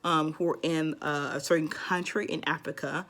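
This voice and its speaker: In a low, steady voice that's a bit bright, a woman talks casually to her vlog audience at normal speed. Her advice comes out rambling, full of ums and restarts.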